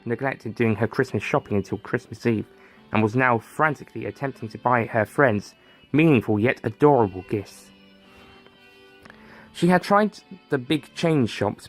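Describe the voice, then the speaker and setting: A man narrating a story in a dry, wry scripted read. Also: medium pitch.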